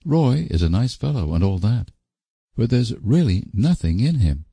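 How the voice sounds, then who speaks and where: A man's voice: on the low side, big pitch swings, moderate pace, dark tone, breathy edge, no echo, voice pushed up, exaggerated voice. A man reading an audiobook voices a young woman who makes cool, dry remarks. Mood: wry. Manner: dry, offhand asides.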